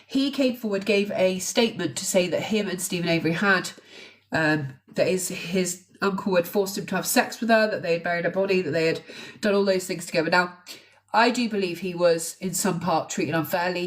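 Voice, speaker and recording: A woman hosting a true crime livestream, talking to viewers in a conversational, hesitant way with restarts and asides. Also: on the low side. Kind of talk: casual livestream commentary. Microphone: phone on a live stream. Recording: voice a little away from the mic.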